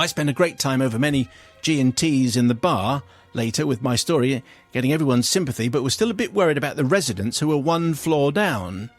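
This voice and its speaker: A man hosting a radio show performs a listener's humorous letter in the studio, delivering it as comic storytelling. He breaks into high squeals for the writer's cries.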